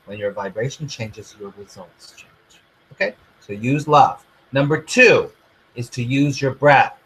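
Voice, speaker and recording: A man who is a spiritual teacher and coach, giving an earnest, repetitive motivational lesson and often dropping to a soft near-whisper. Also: medium pitch, breathy edge, poor audio.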